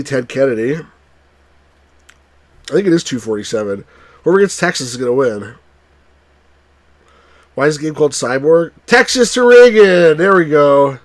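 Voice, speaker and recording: A man from New Jersey chatting wryly through a live game stream, now and then cheering out loud. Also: a little high, no echo. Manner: chatty, wry, bursts into excited cheers. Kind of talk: live let's-play commentary.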